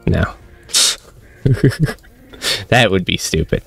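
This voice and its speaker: A man giving excitable let's-play commentary, laughing often and chatting to his in-game pet as he plays at home on a close desk mic. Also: lowish voice, a little slow, gravelly, pauses often. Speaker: gaming channel host.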